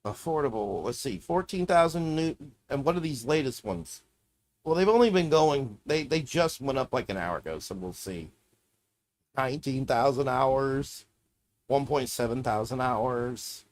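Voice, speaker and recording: Male streamer, casual profane rant, lively swinging pitch. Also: a little slow. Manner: profane, ranting, muttering to himself while browsing. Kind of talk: casual live-stream commentary.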